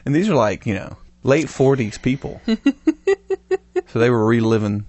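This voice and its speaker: A man's voice: medium pitch, normal speed, a little mellow, no room sound. Dry-sounding joking male podcast host. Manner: joking, storytelling. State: has the hiccups. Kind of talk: casual chat.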